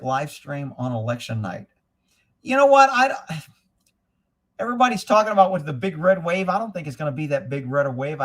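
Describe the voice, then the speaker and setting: Here's a slightly high, fairly bright male voice belonging to a middle-aged streamer. He cracks jokes, swears freely, and reads out what viewers type in a blunt, crude manner during a casual stream.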